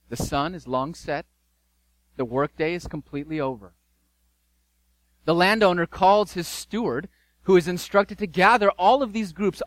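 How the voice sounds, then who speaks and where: A male pastor preaching a sermon, telling a story with emphatic repetition and dramatic pauses. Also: sits high, no echo, low-quality recording.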